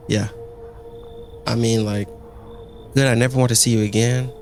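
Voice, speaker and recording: A young man commenting live on a game as he plays, reacting loudly and profanely to what happens on screen. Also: mid-range voice, steady tone, moderate pace, soft background music. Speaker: streamer.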